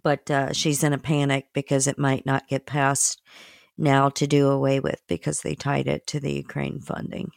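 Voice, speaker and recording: A woman co-hosting a casual political chat, talking haltingly with many fillers. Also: very deep voice, monotone, creaky, no echo, clean studio sound. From United States. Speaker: podcast co-host.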